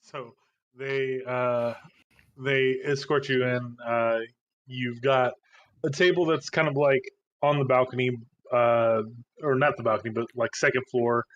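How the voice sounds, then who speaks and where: A man narrating as game master, halting and relaxed with many fillers. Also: mid-range voice, highs cut off.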